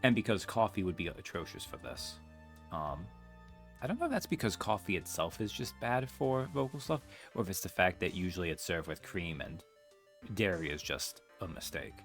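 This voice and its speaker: A man's voice: low-pitched, big pitch swings, moderate pace, faint music behind. A man giving casual, wry commentary while playing through a game. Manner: chatty, wry asides. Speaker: let's-play streamer.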